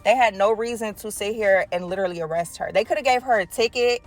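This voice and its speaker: Female vlogger telling a story with lively, profane energy over faint background music. Mid-range voice. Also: medium pitch, fast talker. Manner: animated, profane storytelling with acted-out quotes. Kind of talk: casual storytime.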